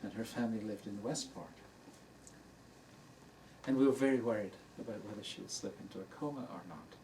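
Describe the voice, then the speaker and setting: An older man teaching dharma tells a story to a hall audience in a brisk, lowish voice, relaxed and laughing at his own anecdote. A far-off mic captures the room along with a faint hiss.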